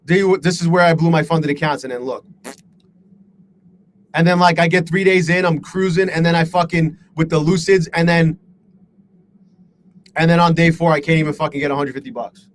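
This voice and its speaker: A man's voice: on the high side, fairly even intonation, moderate pace, pauses often, a little hiss or hum, low-quality recording. A man live-streaming his day trading, talking to his chat in a frustrated, self-deprecating way and swearing a lot.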